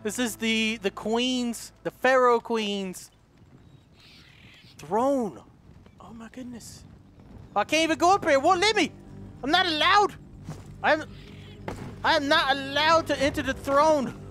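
A man with a high, light voice narrates his game as he plays, breaking into loud outbursts and giggles. His delivery is unhurried between the bursts, and game music runs underneath. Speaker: gaming YouTuber. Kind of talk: let's play commentary.

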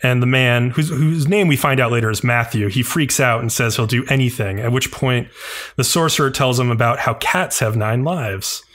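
A man's voice: medium pitch, normal speed, fairly bright tone. Man casually recapping an episode. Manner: loose, filler-heavy storytelling with many "like"s. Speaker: podcast co-host.

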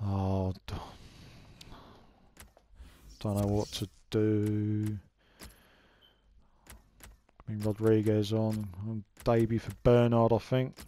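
A man's voice: mid-range voice, a little hiss or hum. A young man giving casual commentary over a football video game, swearing and grumbling at the play and the referee. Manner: swearing, frustrated, shouts at the referee. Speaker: gaming commentator.

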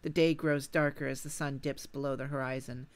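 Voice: mid-range voice, little pitch movement, brisk. Casual voice reading game narration. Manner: casual, giggly asides between read lines. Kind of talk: reading visual novel narration aloud.

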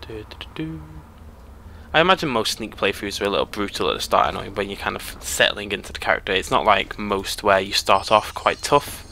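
A man's voice: on the low side, fairly quick, vocal fry, a little hiss or hum. A British man casually commentating his gameplay, rambling and joking at his own expense. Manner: rambling, self-mocking, easily excited. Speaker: let's play host.

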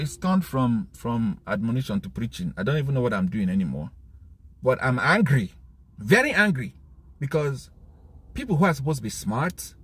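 A male commentator with a Nigerian accent delivers an impassioned, emphatic monologue full of indignant outbursts. His medium-pitched voice is worn and hoarse, as if he is losing it.

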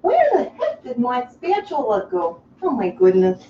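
A woman hosting a comic live cooking show from a kitchen, over-the-top excitable, breaking into squeals and gushing. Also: on the high side, measured pace. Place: home kitchen. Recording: echoey kitchen, slightly dull, faint hiss.

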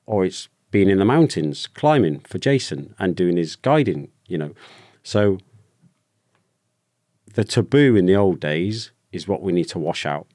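A British ex-soldier, a man, telling a personal story candidly with halting restarts as a podcast guest. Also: deep voice, animated, a little mellow, no echo, studio quality. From United Kingdom. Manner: open, emotional, halting with restarts.

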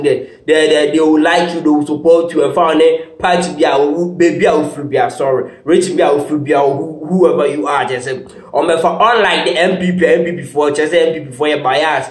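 A man giving casual political commentary, mixing Twi and English in an animated way. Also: a little high. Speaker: news commentator. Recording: roomy echo.

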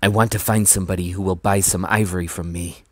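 A man's voice: low-pitched, fairly even intonation, quick pace, dry recording. A man reading aloud, voicing a polite, determined young village boy. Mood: earnest. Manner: polite, earnest.

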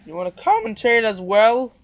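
A man with a high voice chats through a game session, teasing and exasperated by turns, and bursts into loud exclamations. The mic sounds dull and lo-fi. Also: very animated, moderate pace. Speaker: gameplay commentator. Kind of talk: casual gaming commentary.

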